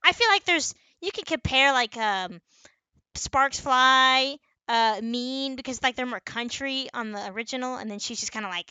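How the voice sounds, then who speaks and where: A young woman co-hosting a podcast in casual chat, chatty and quick to laugh. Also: high-pitched, animated, pushed and bright, smooth, dry recording. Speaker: podcast co-host.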